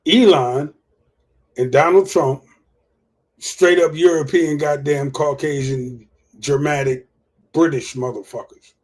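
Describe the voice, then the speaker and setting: A man's voice: fairly high pitch, darkish tone. A man hosting a livestream of casual political commentary, profane and repeating his points for emphasis. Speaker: livestream host.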